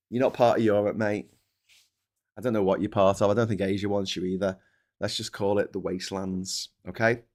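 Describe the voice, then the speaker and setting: A British man hosting a livestream, ranting angrily about politics and swearing a lot, swinging between loud outbursts and low mumbles. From Britain. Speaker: livestream host.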